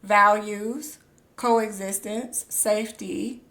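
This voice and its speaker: A woman streaming a game live, reading on-screen text aloud and breaking into excited squeals. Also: mid-range voice, drawn-out words. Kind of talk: live gameplay commentary.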